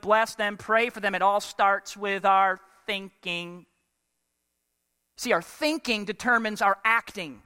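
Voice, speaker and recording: A man's voice: sits high, bright, forceful tone, big-room sound. A man preaching a sermon as pastor, emphatic and full of rhetorical questions put to the congregation.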